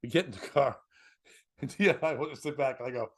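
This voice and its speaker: A comedian telling a story in casual chat, slipping into voices and laughing often. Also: male voice, medium pitch, moderate pace. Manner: animated, jumps into voices and laughs.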